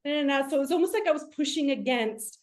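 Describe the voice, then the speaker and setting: Animated woman telling a story. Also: high voice, quick pace. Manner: lively, animated storytelling with many "like" fillers. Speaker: guest, medium and spiritual teacher. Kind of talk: casual storytelling. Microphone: video call.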